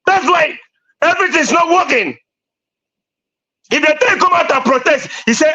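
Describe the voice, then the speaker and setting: A man's voice: very high-pitched, animated, normal speed, pauses often, pushed and bright, highs cut off. A man with a Nigerian accent debating on a live stream, ranting insistently and repeating himself. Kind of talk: heated debate.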